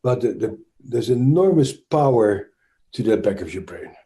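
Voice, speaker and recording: A man's voice: medium pitch, lively intonation, normal speed. A man with a Dutch accent, a trauma expert speaking as an interview guest, explaining thoughtfully with frequent restarts and fillers.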